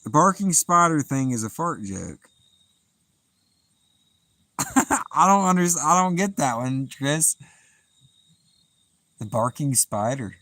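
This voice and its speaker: A man's voice: on the high side, slow pace, long pauses, dry recording, low-quality recording. A man with a Southern US accent, chatting casually and laughing as he hosts a live fishing stream outdoors at night. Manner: relaxed, chatty, laughs often, easygoing drawl. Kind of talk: casual live-stream chat reading out viewer comments.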